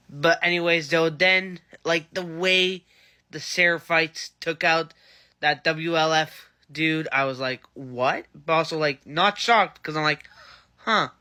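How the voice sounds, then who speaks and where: A man's voice: on the high side, bright, forceful tone. A man giving a casual, rambling, enthusiastic review of a TV episode. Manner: enthusiastic, rambling fan chatter. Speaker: TV show reviewer.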